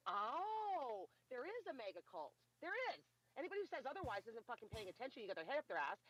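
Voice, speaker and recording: A woman ranting hard in a casual political talk, swearing often and talking quickly over a remote call. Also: fairly high pitch, no room sound, lo-fi sound. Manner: fast, animated, swearing a lot. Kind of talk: heated casual rant.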